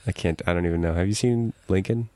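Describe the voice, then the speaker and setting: A man's voice: low-pitched, fast talker, warm tone, no room sound. A man co-hosting a podcast in casual chat, dry and matter-of-fact as he shares trivia. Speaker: podcast co-host.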